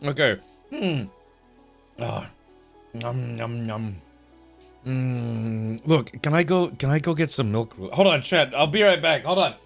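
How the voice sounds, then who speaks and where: A man's voice: mid-range voice, slow pace, creaky, long pauses, soft background music. A man streaming live, chatting casually with his chat while eating, laughing and murmuring with his mouth full. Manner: animated, laughing, savoring food aloud with mouth-full murmurs.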